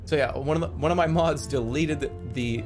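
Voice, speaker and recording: A man's voice: fairly high pitch, brisk, music in the background. A young man streaming, telling his dreams in casual chat, acting out the voices and swearing freely. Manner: animated storytelling, acts out quotes with profanity.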